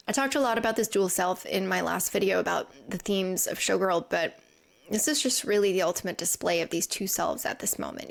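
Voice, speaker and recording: Female podcast host, mid-pitched with vocal fry, earnest and reflective storyteller. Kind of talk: scripted recap narration. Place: lives in England.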